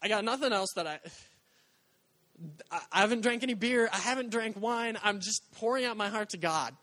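A young male pastor with a notably high voice delivers a heartfelt, conversational sermon, slipping into the voices of the people he quotes. The sound is close and dry, with no room echo. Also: brisk, pushed and bright.

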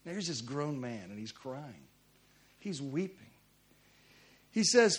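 A man preaching a sermon in a church, his voice pitched high and swinging widely up and down. He tells stories with animated energy, jumping to loud emphasis on key lines. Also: slow, long pauses. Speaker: pastor.

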